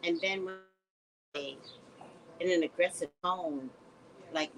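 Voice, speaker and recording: A woman's voice: fairly low pitch, slow, long pauses, poor audio. Chatty woman podcast host with faint hiss. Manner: animated, reads a report aloud and comments. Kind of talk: casual chat recounting a news case.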